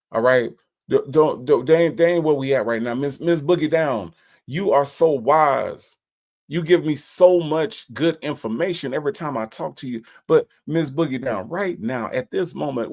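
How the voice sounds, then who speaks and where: A man's voice: medium pitch, gravelly, a little mellow. A man hosts a live stream in casual commentary, reading chat comments aloud, repeating himself and stammering in disbelief. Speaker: live stream host reacting to a phone call.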